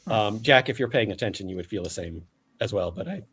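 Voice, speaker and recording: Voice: deep voice, lively intonation, fairly quick, fairly bright tone, slight background noise. A game master narrating a live-play tabletop game casually, with fillers and frequent laughs.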